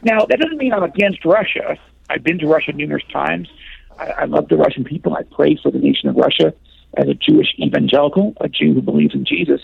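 A man's voice: fairly high pitch, fast talker, gravelly, breathy edge, no echo. A man from the United States, an author talking through a radio interview with many fillers and restarts. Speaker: author guest. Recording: tinny phone line.

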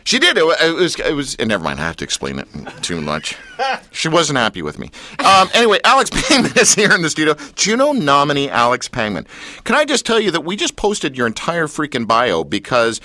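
Jokey radio host with a lively voice. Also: male voice, a little high, dry recording. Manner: jokey, playful, name-dropping, quick asides. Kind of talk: casual studio chat. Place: radio studio.

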